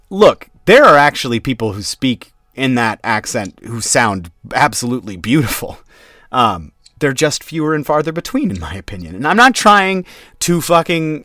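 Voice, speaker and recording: A man talks casually to his listeners at the end of a reading session. He rambles, fills his pauses with ums and swears offhandedly. His voice sits at an ordinary middle pitch and sounds dry and close, with no room echo. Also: fairly bright tone. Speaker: audiobook narrator. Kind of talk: casual outro chat to viewers.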